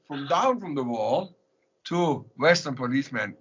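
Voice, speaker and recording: A man with a German accent telling animated stories in an interview, often laughing and restarting his sentences. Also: on the high side, takes it slowly. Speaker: interviewed musician. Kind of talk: storytelling in an interview. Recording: lo-fi recording.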